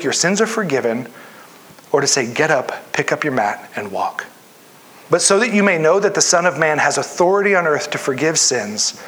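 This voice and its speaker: A man's voice: a little high, fairly bright tone. A man preaching a sermon in an earnest way, reading scripture aloud and acting out the voices of people in the story. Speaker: pastor.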